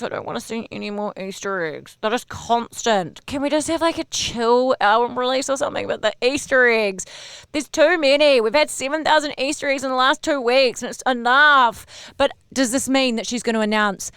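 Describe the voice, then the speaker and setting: A woman hosting a pop-culture podcast, chatting casually in a gossipy, animated, sometimes sweary way. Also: fairly high pitch, brisk, clear, resonant tone, dry recording, studio quality. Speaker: podcast host.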